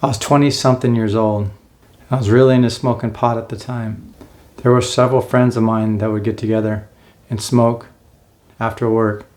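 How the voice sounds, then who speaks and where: A man's voice: lowish voice, little pitch movement, moderate pace, darkish tone. A man in his forties telling his own life story in a casual, earnest way, now and then acting out what he said back then. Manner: earnest, acts out his own past lines.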